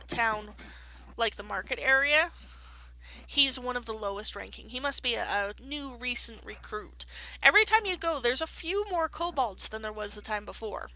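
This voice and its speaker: A woman's voice: a little high, pushed and bright, rough recording. A woman narrating as game master of a tabletop game, chatty and rambling, with many fillers and restarts.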